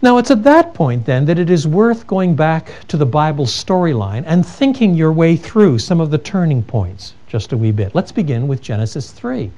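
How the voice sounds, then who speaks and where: Lively, mellow-voiced man lecturing on theology. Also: fairly high pitch, moderate pace, hardly any pauses. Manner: earnest, emphatic, with frequent restarts. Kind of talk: lecture with told anecdotes.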